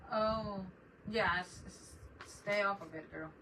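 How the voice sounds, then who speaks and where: Middle-aged woman, casual live-stream host, rambling and talkative, mid pitch, distant mic. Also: slow. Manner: rambling, chatty, greets viewers by name. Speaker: crafting channel host. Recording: distant mic with noticeable background noise.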